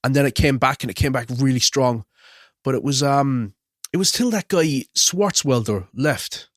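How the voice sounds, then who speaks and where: A man's voice: medium pitch, moderate pace, fairly bright tone, no echo, clean studio sound. A man co-hosting a podcast, chatting casually and with strong opinions about films and TV. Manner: chatty, opinionated, does little mock voices. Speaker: podcast co-host. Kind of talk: casual film chat.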